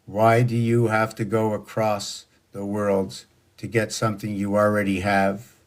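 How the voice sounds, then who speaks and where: A man's voice: lowish voice, level tone, a little slow. A man in his sixties giving a rambling, preachy spoken monologue full of rhetorical questions. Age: 60s. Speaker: social media monologuist.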